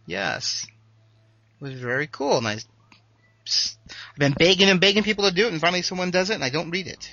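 A man hosting a casual podcast, easygoing and quick to laugh, often pausing on small hesitations. His voice is bright and a little high. The sound is dry and slightly dull, with faint music underneath. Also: animated, no echo. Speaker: podcast host.

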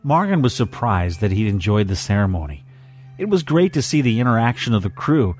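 A man narrating a fan fiction story in a measured, even way. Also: on the low side, music in the background. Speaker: story reader.

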